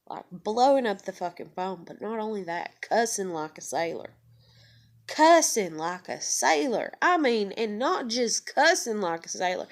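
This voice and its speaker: A woman's voice: medium pitch, animated, moderate pace. A woman vlogger talking through a casual personal monologue, rambling with lots of fillers and heavy swearing.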